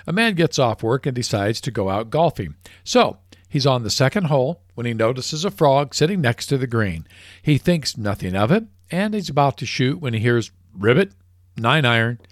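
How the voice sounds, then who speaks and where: Male radio host, chatty joke-teller, animated pitch, dry close mic. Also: no room sound.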